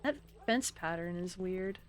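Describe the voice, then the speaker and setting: A young adult woman streaming a game live, chatting and muttering to herself with sudden high outbursts. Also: measured pace, soft background music. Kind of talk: live gameplay commentary.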